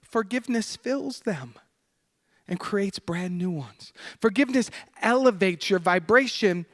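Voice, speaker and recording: A man giving a Sunday sermon to a congregation, swinging between hushed, soft passages and loud, emphatic bursts. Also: high voice, animated, a little slow. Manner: candid, laughing at his own anecdote. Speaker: guest minister. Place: spiritual center congregation.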